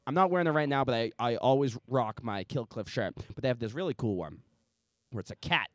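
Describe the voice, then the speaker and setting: A man's voice: mid-range voice, animated, a little fast, no echo, clean studio sound. A man hosting a podcast, reading a sponsor ad in a hyped, joking, profane way. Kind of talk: loud casual ad read.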